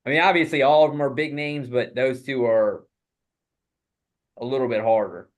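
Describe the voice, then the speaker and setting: A man co-hosting a casual sports podcast, relaxed and quick to laugh while running a quiz. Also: mid-range voice.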